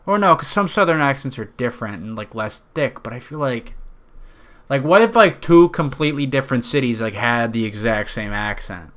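Man, Western New York accent, nasal, sharp forceful tone, profane casual podcast rant. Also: medium pitch, animated, moderate pace. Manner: rambling, profane, jokey. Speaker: podcast host.

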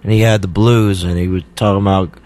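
A man's voice: deep voice, steady tone, quick pace, darkish tone. A man in casual chat, easygoing, asking short questions. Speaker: interviewer.

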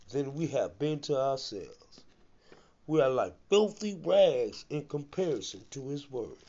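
A man's voice: mid-range voice, a little mellow. Fervent man preaching on a podcast. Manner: fervent, repetitive, rhythmic preaching. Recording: lo-fi recording.

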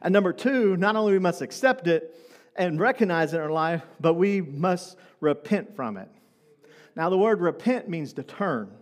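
High-voiced preacher in a reverberant hall. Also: male voice, animated, moderate pace. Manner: conversational preaching with rhetorical questions. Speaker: pastor. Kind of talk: sermon. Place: church hall.

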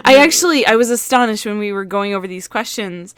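A woman's voice: mid-range voice, fast talker, a crowd in the background. A woman co-hosting a casual chat, telling a rambling story with playful word choices. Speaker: podcast co-host.

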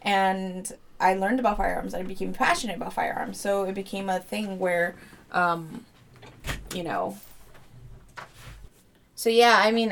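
A woman's voice: medium pitch, a bit bright. Thirties woman on a podcast, swears a lot, blunt, does little voices for quotes. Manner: blunt, swears freely, acts out quotes animatedly. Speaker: podcast co-host. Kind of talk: casual chat.

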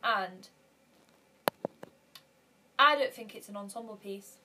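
A woman's voice: mid-range voice, slow, far from the mic, background noise. Chatty woman, a bit off-mic. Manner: chatty, laughs often, acts out her own reactions. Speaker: podcast co-host. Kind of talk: casual chat.

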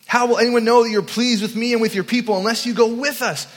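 A man's voice: extremely high pitch, steady tone, fast. A man giving a storytelling sermon at a youth camp, self-deprecating and humorous. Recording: long hall reverb.

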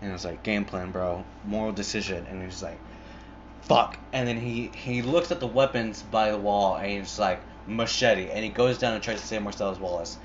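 A young man with a lowish voice retells a movie in a loose, rambling way. He swears freely and fills every gap with "like" and half-started words. The recording is muffled and lo-fi, with a faint hiss behind him. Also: fast talker, hardly any pauses. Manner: rambling, profane, full of "like" and restarts.

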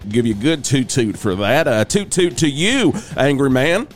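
A man's voice: mid-range voice, big pitch swings, moderate pace, soft background music. A man playing a rambling good-old-boy trucker who fills in as a radio host in an improvised comedy parody. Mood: jovial. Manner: folksy, rambling, says ain't and y'all.

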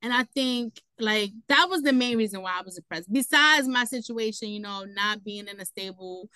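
A young woman, a guest telling her own story in casual talk, animated and quick to laugh, leaning on "you know" between thoughts. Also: medium pitch, clean tone, no room sound, low-quality recording. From New York City.

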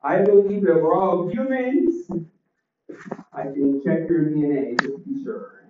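A man doing a deadpan stand-up set with one-liners and crowd chat, his voice a little crackly, on a small club stage. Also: a little high, unhurried. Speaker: stand-up comedian. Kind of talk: open mic stand-up set. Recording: roomy, distant, dull club recording.

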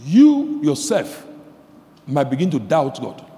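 Animated preacher with a lively high voice. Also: male voice, takes it slowly, creaky, big-room sound. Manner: animated preaching, swinging from quiet asides to shouted emphasis; repeats phrases for emphasis, asks the audience questions. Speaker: pastor. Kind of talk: sermon.

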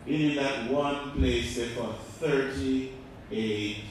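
Echoey pastor preaching from afar. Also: male voice, medium pitch, steady tone, drawn-out words, slight background noise. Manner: rhetorical questions, swings between loud and quiet. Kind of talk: sermon. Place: church. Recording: echoey church hall, mic far off.

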